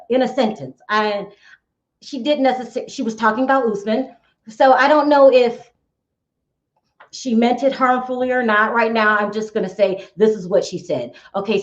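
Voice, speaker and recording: Woman host spilling gossip, chatty and exclaiming, kinda high voice, echoey room. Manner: chatty, exclaiming, addresses viewers. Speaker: YouTube gossip show host. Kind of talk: casual gossip commentary. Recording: echoey room, dull sound.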